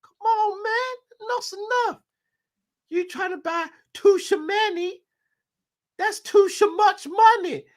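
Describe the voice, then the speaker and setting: A greedy high-voiced American club owner. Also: male voice, slow pace. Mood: mocking. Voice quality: high, drawling, brash.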